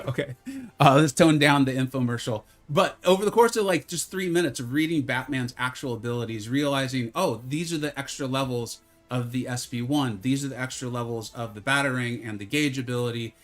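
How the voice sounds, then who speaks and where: A man streaming a mobile fighting game live, chatting casually with his viewers, joking at his own expense, and sometimes slipping into a mock infomercial pitch. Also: fairly quick. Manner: chatty, self-deprecating, bursts into mock infomercial hype. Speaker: gaming streamer.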